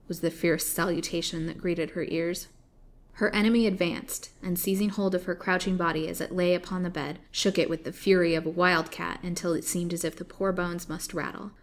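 A woman reading an old serialized novel aloud in an expressive, dramatic way. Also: lowish voice, moderate pace. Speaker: storyteller.

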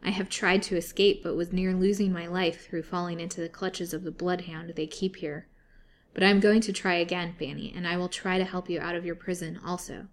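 A woman voicing a gentle but brave young girl in a storybook reading. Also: lowish voice, steady tone, brisk, a little hiss or hum, lightly acted.

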